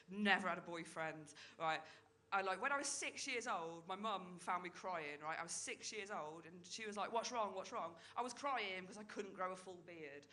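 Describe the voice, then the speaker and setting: A woman's voice: fairly low pitch, bright, forceful tone. A woman in her thirties performing a chatty stand-up comedy set, tagging her lines with "right?" and "like". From Britain. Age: 30s.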